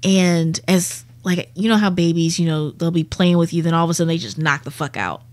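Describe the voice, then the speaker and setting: A woman's voice: fairly low pitch, fairly quick, no echo. A young adult woman, a comedian guest, telling a vivid and profane story in a casual way.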